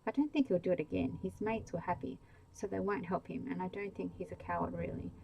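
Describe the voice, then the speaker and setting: A woman reading a bedtime story aloud, voicing a battered, stubborn young man who speaks quietly and guardedly. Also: lowish voice, brisk, gravelly, background noise.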